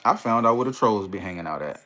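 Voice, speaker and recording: A man hosting a casual livestream in a relaxed, easygoing way, reading viewer comments aloud and greeting them. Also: fairly low pitch, fast talker, faint music behind. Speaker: livestream host.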